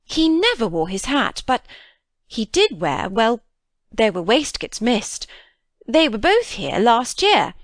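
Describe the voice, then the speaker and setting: A woman's voice: a little high, big pitch swings, slow pace, dry recording. An older housekeeper, frightened and faltering, bursts out in broken exclamations, as a woman reads her lines. Her voice swoops up and down, sounding close and dry, with no room around it. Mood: alarmed. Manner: hesitant, gasping exclamations. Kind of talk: audiobook reading.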